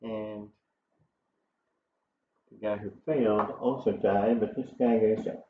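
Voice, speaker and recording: A man runs a tabletop game at the table, relaxed and casual, chuckling between rulings. The room echoes and the audio is dull, with a faint hiss underneath. His pitch sits in an ordinary middle range. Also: takes it slowly. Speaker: game master. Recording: roomy, dull home recording with faint noise.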